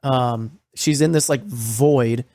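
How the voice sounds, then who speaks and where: A man's voice: medium pitch, slow, dark tone, no echo, studio quality. A man co-hosting a podcast, recapping a horror series in casual, profane, rambling talk full of fillers. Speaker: podcast co-host.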